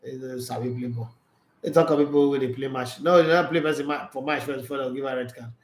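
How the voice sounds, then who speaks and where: A man's voice: mid-range voice, fast talker, roomy sound. A man with a Nigerian Pidgin English accent, hosting a loose football chat, laughing often and switching between Pidgin and English. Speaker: sports channel host. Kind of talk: live football commentary chat.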